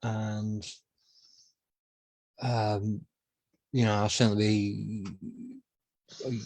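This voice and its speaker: A male interviewer who is also an author and poet talks hesitantly and thoughtfully in a casual conversation, with many fillers and restarts. His voice is low-ish, mellow and flat in pitch, very slow, with no echo.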